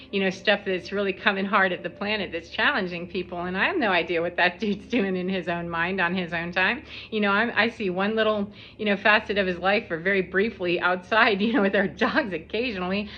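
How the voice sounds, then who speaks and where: A woman talking casually to camera about spiritual life and her encounters with people, rambling and reflective, laughing often as she goes. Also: mid-range voice. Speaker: spiritual vlogger. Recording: slightly dull lo-fi audio.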